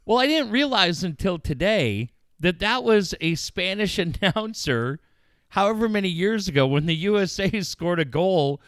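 A middle-aged man hosting a casual radio chat. He gets excited, swears freely and acts out quotes with big jumps in pitch. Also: normal speed, clean tone, dry recording, studio quality. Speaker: radio show host.

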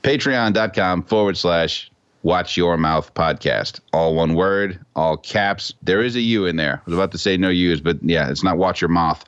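A man's voice: deep voice, normal speed, clear, resonant tone, dry recording, muffled recording. A man hosting a podcast, joking, swearing and laughing often in casual banter. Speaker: podcast host.

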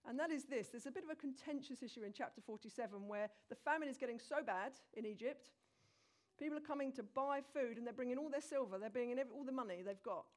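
A woman preaching a sermon, retelling a scripture story in a lively, conversational way and addressing the congregation directly. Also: fairly high pitch, fast.

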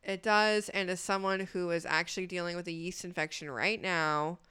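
A woman's voice: on the low side, steady tone, moderate pace, bright, forceful tone, clean tone, no echo, clean studio sound. A young woman co-hosting a podcast, chatting casually and jokingly, often giggling and rambling about a dating show. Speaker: podcast co-host.

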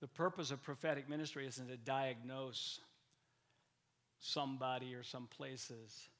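A man, a pastor, preaching a lively sermon with energetic bursts of loud emphasis and frequent repeated words. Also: medium pitch, a little slow.

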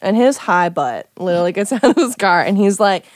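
A woman's voice: mid-range voice, fairly quick, few pauses, no room sound, clean studio sound. A young woman telling a dramatic personal story in casual chat, swearing freely and acting out what people said. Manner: animated, swearing, acts out quotes. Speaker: storyteller guest.

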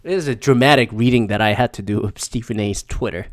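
Talking fast in a lowish voice, this Philadelphia podcaster rants solo, swearing freely and staying animated, with bursts of laughter between ideas.

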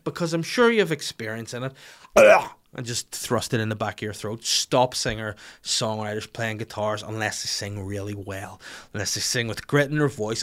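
A man's voice: mid-range voice, a bit bright. A man hosting a podcast, delivering a sardonic, profane comedic rant. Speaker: podcast host.

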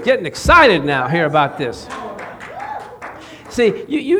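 A man preaching a lively sermon to a small congregation, calling for responses and chuckling between points. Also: fairly high pitch, moderate pace, breathy edge. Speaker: pastor.

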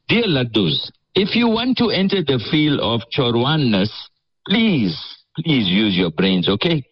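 A man giving sarcastic, mock-enthusiastic radio commentary, chuckling as he talks. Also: medium pitch. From South Africa. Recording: slightly dull lo-fi audio.

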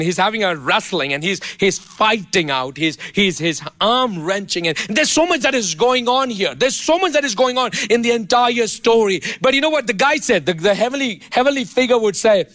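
A man preaching a sermon with impassioned, animated delivery and playful asides to his congregation. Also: high voice, no room sound. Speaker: pastor.

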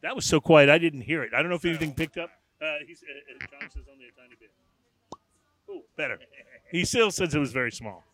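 A man's voice: on the high side, animated, fast talker, fairly bright tone. A man co-hosting a casual podcast chat, rambling with lots of fillers. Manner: chatty, rambling with many fillers. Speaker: podcast co-host. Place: small room. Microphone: studio microphone.

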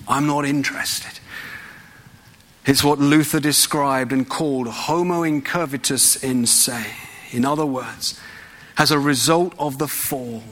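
Slow, bright-voiced male preacher. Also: medium pitch. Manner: conversational preaching with rhetorical questions. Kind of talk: sermon. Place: church.

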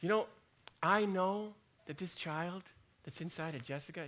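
In a measured, high-sitting voice with a fairly bright tone, a pastor preaches a conversational sermon. He keeps it folksy and joking, playing out the voices in his head.

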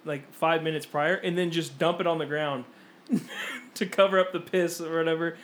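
Young guy on a podcast, fairly high voice, chatty and animated, does the voices of people in his stories. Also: moderate pace. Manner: animated storytelling, acts out quotes. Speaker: podcast co-host. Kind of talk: casual podcast chat.

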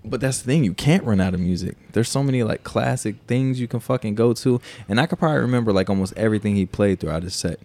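A man co-hosting a podcast, telling a story in casual chat, animated and profane, acting out the quotes. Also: lowish voice, fast talker, few pauses. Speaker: podcast co-host.

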